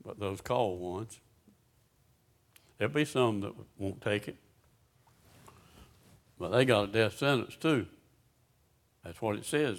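A man's voice: lowish voice, animated, takes it slowly, pauses often. A pastor preaching a sermon, reading scripture aloud and putting questions to his congregation.

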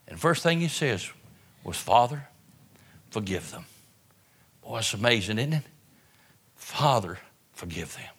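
A man delivering a sermon in an auditorium, with impassioned preaching that swings from hushed, low phrases to loud outbursts, often repeating words and restarting phrases. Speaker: pastor. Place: auditorium with an audience.

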